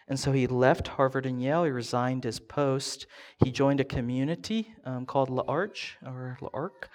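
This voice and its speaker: A young adult man preaching a sermon in a relaxed, conversational way, now and then acting out the voices he quotes. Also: medium pitch. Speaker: pastor.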